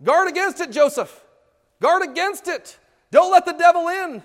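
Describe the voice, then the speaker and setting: A man preaching a sermon with passion, swinging between loud pleading and hushed asides, and asking the congregation rhetorical questions. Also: very high-pitched, animated, normal speed. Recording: long reverb of a church hall.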